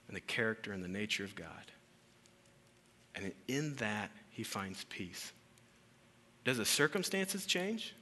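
A man preaching a conversational sermon as pastor, rising to loud emphasis and dropping to hushed lows. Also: a little hiss or hum. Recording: hall reverb with faint room ambience.

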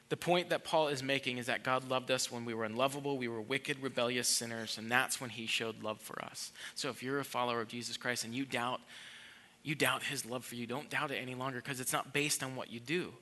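A pastor delivers a sermon in a church, pressing his points with earnest emphasis. His voice is bright and forward, sitting a little high for a man. He often repeats a word before pushing on.

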